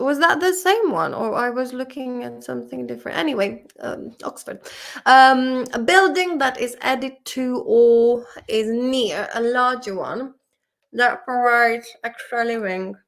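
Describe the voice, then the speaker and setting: This fairly bright, higher-pitched voice belongs to a woman in her thirties from the Czech Republic who teaches English. Running through vocabulary in a casual vlog-style session, she talks emotionally, laughs often and swears freely.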